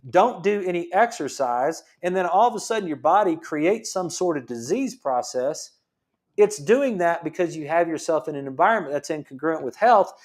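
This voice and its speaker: A man's voice: a little high, animated, moderate pace. A middle-aged man hosting his own health show, delivering a passionate monologue with emphatic, repeated rhetorical questions. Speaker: chiropractor show host.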